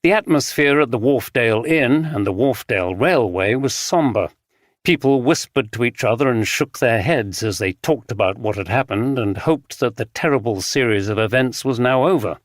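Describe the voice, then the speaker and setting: A man reading a mystery audiobook as narrator, in a measured and even way. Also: mid-range voice, no room sound, studio quality. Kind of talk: scripted narration.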